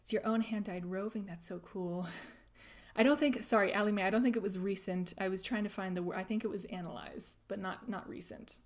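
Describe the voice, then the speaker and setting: A young woman hosting a crafting livestream, chatting casually while reading viewer comments, laughing often and trailing into soft asides. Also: medium pitch, expressive, a little fast. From grew up speaking German at home in the US. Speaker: crafting channel host.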